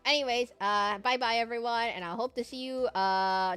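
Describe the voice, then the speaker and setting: A woman VTuber chatting casually on stream, excitable and rambling with lots of fillers and little laughs. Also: fairly high pitch, normal speed, clean tone, no echo, faint music behind.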